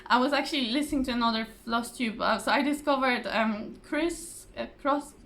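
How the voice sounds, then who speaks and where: A woman's voice: fairly high pitch, normal speed, a bit bright. A woman chatting casually to camera about her craft projects, rambling with fillers and restarts and laughing often, her voice a little tired. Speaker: craft vlogger. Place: home, at a table. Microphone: phone or camera on the table.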